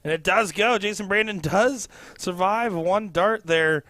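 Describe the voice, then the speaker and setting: A man's voice: high-pitched, measured pace, sharp tone, no echo. A male color commentator in a commentary booth at a live darts match, chatty and jokey, rambling with lots of fillers.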